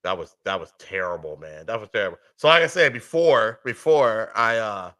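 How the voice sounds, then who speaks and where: A man co-hosting a casual sports podcast on a webcam call, laid-back, laughing often and agreeing quickly. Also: fairly low pitch, expressive, a bit bright. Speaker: podcast co-host. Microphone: webcam on video call.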